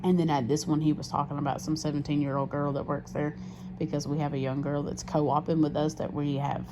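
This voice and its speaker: A woman with a low voice speaks briskly and candidly in a casual confessional diary vlog. She rambles, using fillers and restarts, and swears freely. The audio is muffled and lo-fi, with steady background noise.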